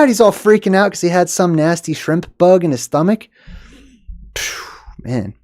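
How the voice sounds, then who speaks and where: A man hosting a casual monologue, rambling and animated, laughing between his own asides. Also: on the high side, dry recording, clean studio sound. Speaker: host.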